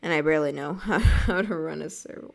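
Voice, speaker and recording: Drawing live on stream, this young American art streamer reads out viewer messages and rambles casually, dropping "like" often and laughing softly. Her voice sits low and sounds creaky, and she talks fairly quickly.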